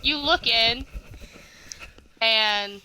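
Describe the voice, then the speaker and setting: A woman narrating as game master of a tabletop game, halting and restarting often with frequent laughs. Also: a little high, bright, forceful tone, a little hiss or hum.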